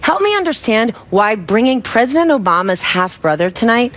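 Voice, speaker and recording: A female TV news anchor in a tense on-air interview, with a voice sitting slightly higher than most. She asks pointed questions and cuts in to challenge the answers. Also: big pitch swings, moderate pace, a bit bright. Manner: pressing, direct, cuts in with challenges.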